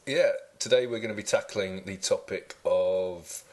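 Wry low-voiced man hosting a podcast. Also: normal speed, darkish tone. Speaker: podcast host. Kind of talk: joking casual chat.

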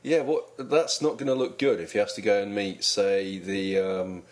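A man co-hosting a deadpan comedy chat, playing a dry, hesitant straight man. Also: fairly low pitch, moderate pace. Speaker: comedy podcast co-host.

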